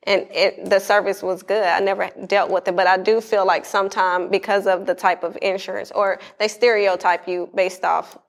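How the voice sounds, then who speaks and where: A woman's voice: medium pitch, little pitch movement, normal speed, vocal fry, few pauses. A woman in a casual chat, asking questions and reflecting on her own experience.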